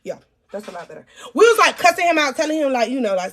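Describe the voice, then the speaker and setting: High-voiced woman telling a crude storytime. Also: fairly quick. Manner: crude, self-mocking, addresses viewers directly; animated, loud bursts when teasing herself. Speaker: vlogger. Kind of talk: storytime vlog.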